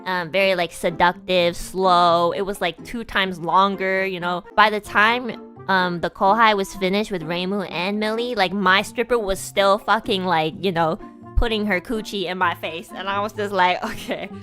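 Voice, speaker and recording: A woman VTuber telling a story casually on stream, animated, swearing freely and laughing often. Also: mid-range voice, moderate pace, faint music behind.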